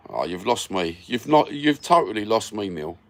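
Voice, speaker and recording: A man's voice: fairly low pitch, sing-song, moderate pace, fairly bright tone. A man with a London accent chatting casually with live viewers on his phone, blunt and sweary, full of banter. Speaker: livestream host.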